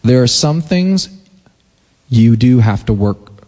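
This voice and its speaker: A man preaching a sermon in a loose, conversational way, retelling scripture with quick voiced quotes and growing emphatic. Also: mid-range voice, expressive, mellow. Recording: long hall reverb.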